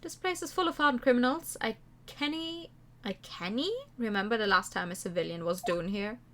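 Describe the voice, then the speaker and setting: A woman's voice: a little high, brisk, fairly bright tone, a little hiss or hum. Woman doing a blustering Scottish-ish jailer. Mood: gruff. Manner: Scottish-style dialect words, blustering. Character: gruff male prison governor, hostile and suspicious.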